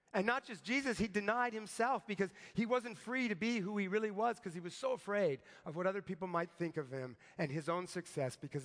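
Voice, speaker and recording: A man's voice: high-pitched, a bit bright, big-room sound. A man preaching a sermon, telling a story in a conversational way and often checking in with "right?". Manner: conversational, tag questions like "right?".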